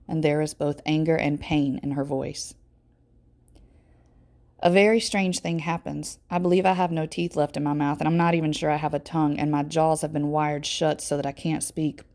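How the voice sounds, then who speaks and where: Woman teacher reading a novel aloud, very low voice, gravelly, measured first-person narration. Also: flat delivery, mellow.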